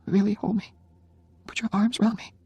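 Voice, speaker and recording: A man reading an audiobook voices a frail, dying young woman who speaks softly and teasingly. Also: high voice, level tone, brisk, slightly rough, no echo, pitched above the performer's own voice. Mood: pleading. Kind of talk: audiobook character voice.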